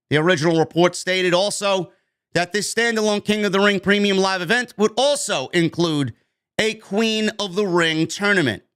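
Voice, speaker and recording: A man's voice: sits high, a bit bright, clean tone. A man hosting a wrestling news podcast, delivering an emphatic, opinionated rant and swearing freely.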